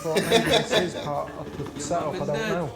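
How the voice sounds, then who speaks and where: A man, grumbling in deadpan comedy chat. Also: on the high side, normal speed, creaky, reverberant, loud music behind the voice. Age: 30s. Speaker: guest on a comedy commentary.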